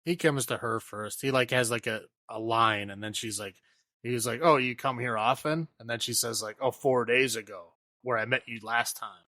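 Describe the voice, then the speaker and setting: A man's voice: mid-range voice, steady tone, moderate pace, sharp tone, no room sound, clean studio sound. A man co-hosting a podcast, chatting casually and filling in plot details of a movie. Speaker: podcast co-host.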